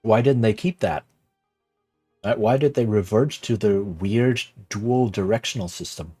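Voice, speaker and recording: A man's voice: on the low side, unhurried, warm tone, slightly rough, faint music behind. A man streaming live, casually explaining something and often asking "right?" as he goes. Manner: rambling, keeps asking "right?".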